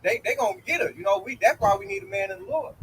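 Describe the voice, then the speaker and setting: Man with a slightly high voice, emphatic speaker who chimes in often, faint background noise. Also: animated, poor audio. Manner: emphatic, quick agreeing interjections. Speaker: discussion participant. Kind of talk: casual religious discussion.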